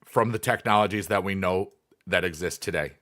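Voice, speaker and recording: Rambling bright-voiced male streamer. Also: low voice, brisk. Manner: rambling, many fillers, reads chat aloud. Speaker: livestreamer, former teacher. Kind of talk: casual livestream chat.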